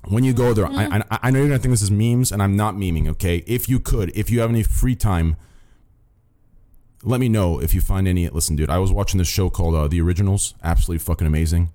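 A man's voice: low-pitched, fast talker, mellow. A young man hosting a stream voice chat, ranting bluntly with constant swearing and repeated "listen" and "okay?". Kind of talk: casual profane stream rant.

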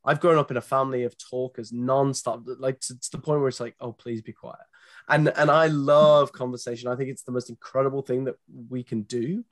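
A British man talks through his dating advice in a middle-pitched voice, earnest and animated, often restarting his sentences. He sounds close and dry, as if on a podcast mic with no room echo. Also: fairly quick, few pauses. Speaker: guest, dating company founder. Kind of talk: casual podcast interview.

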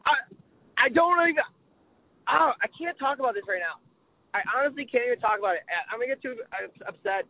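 A man with a high voice co-hosts a sports podcast, excitable and exasperated and swearing freely. His voice comes through thin and phone-like, dry and close with no room sound. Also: a little fast, no room sound. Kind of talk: casual sports chat.

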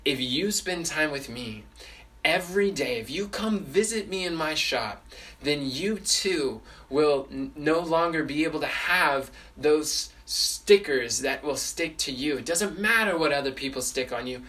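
Man playing a big friendly woodworker, slow, calm, reassuring, a little distant from the mic. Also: a little high.

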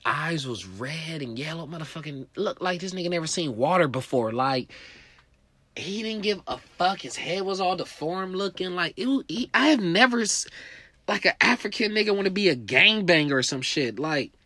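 Male stand-up storyteller: lively, swooping delivery, profane and animated. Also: fairly high pitch, moderate pace, no echo. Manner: animated and profane, full of "you know" fillers. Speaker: comedian.

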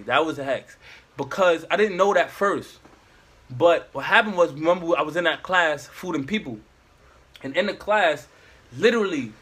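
Young man, husky, slightly high voice, slangy rambling storyteller. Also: fairly bright tone. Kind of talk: casual storytelling chat.

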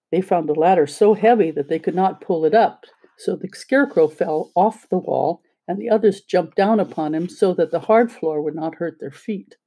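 An audiobook reader narrating a children's story in a steady, plain way. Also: medium pitch.

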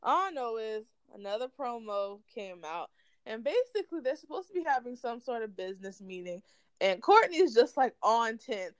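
A woman's voice: a little high, very animated, moderate pace, no room sound. A woman co-hosting a podcast, chatting casually and animatedly about celebrity gossip, swearing freely and laughing often. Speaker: podcast co-host.

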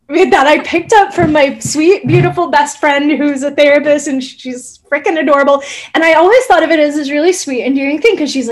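High-voiced soft-spoken woman rambling gently. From Southern Indiana, USA. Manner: soft, rambling, many hesitant fillers. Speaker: therapist guest. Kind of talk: casual conversation.

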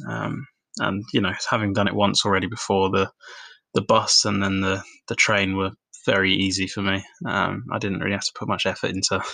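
A man's voice: lowish voice, gravelly, fairly bright tone, dry recording. A young adult man tells a personal story to his partner in casual podcast talk, rambling and hesitant, with many fillers, restarts and swearing.

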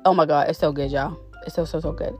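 A woman vlogger chatting casually to her viewers, animated and drawn out on the words she stresses. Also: deep voice, quick pace, faint music behind.

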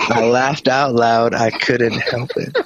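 A man's voice: medium pitch, level tone, slow pace, fairly bright tone. A man co-hosting a podcast, reading a story aloud with plenty of swearing and voices for the people in it. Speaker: podcast co-host. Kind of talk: comic storytelling. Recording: dull, dry lo-fi sound.

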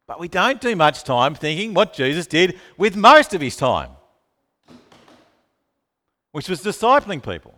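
A man preaching a sermon, asking the congregation questions and calling on listeners by name. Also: a little high. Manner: animated, asks the room questions, calls on listeners by name. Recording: long reverb of a hall.

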